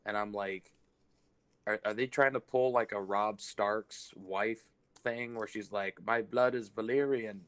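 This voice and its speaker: A man co-hosting a casual TV review chat, opinionated and quick to slip into impressions. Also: fairly low pitch, steady tone, a bit bright, clean tone. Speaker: podcast co-host.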